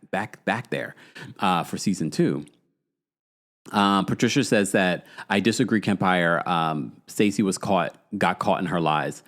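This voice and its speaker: A man in his forties hosting a casual podcast, recapping reality TV in a chatty way and reading out viewers' comments. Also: on the low side. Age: 40s. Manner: animated and chatty, with frequent restarts and asides to viewers. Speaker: podcast host.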